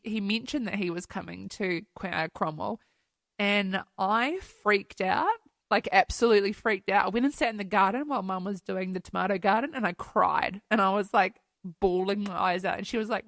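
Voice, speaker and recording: A woman's voice: mid-range voice, moderate pace, vocal fry, a bit bright, no room sound, studio quality. Candid, emotional woman podcast host. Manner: candid and emotional, laughs often, swears casually. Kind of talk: casual solo podcast chat. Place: New Zealand home.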